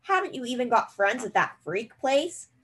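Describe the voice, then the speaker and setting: A woman voicing a spoiled, cowardly bully boy who whines and taunts in a high, loud voice. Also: very animated, moderate pace, husky, full character voice. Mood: taunting. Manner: high wailing taunts that tip into yelling.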